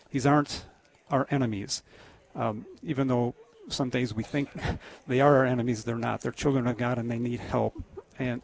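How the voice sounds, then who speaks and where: Man, gravelly voice, radio guest, halting, earnest, lots of restarts. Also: medium pitch. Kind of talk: casual testimony on a radio show.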